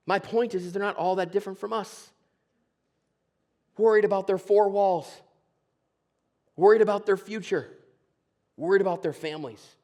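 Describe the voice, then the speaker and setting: A man preaching a sermon in church, earnest, swinging from loud emphasis to hushed, near-whispered lines. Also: high voice, normal speed, pauses often. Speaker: pastor.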